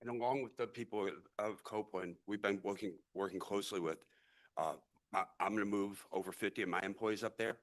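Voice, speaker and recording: A middle-aged real estate investor from the St. Louis area talks fairly fast to a city council in a lowish, steady voice. He's impassioned and earnest but wanders, frequently restarting and repeating words.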